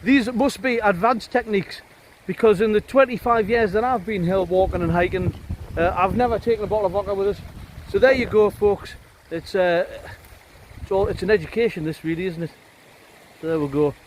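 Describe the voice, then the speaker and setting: A middle-aged man from Northumberland, England, vlogs a hike, offering loose walking commentary full of ums and uhs and some wry teasing of his companion. His voice sits high and runs a little fast. The windy hillside brings wind noise, and there's background music.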